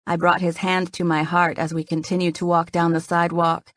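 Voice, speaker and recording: A woman narrating a romance novel in the first person, her voice sitting low and earnest. The sound is close and completely dry, with no room around it. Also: flat delivery, fairly quick, fairly bright tone, dry recording. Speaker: audiobook narrator.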